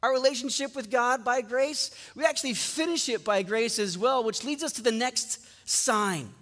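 In a big sanctuary with a long echo, a male pastor with a high voice preaches at a moderate pace. His sermon unfolds as easygoing storytelling, with each conversation acted out as he goes.

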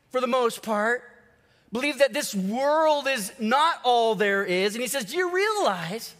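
A male pastor preaching a sermon, telling a parable with animated storytelling and acting out the characters. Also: very high-pitched. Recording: long hall reverb.

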